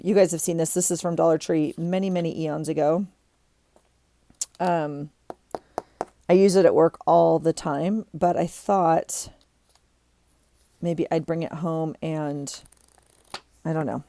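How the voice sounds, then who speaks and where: Chatty woman with a gravelly voice. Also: on the low side, warm tone, no room sound. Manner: rambling, chatty, many ums and restarts. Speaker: vlogger. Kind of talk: casual chat while tidying a desk.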